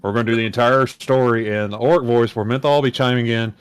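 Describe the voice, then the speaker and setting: A man's voice: medium pitch, fairly even intonation, fast, clean tone, no echo. A man co-hosting a podcast, chatting casually in a rambling, self-mocking way. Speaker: podcast co-host. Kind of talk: casual chat.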